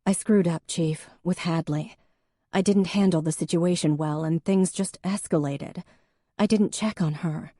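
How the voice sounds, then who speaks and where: A woman's voice: lowish voice, unhurried, dark tone, no echo, clean studio sound. A woman narrator voicing an earnest, self-doubting young female deputy who speaks with rising emotion. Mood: troubled. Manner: earnest, emotional, a little raised.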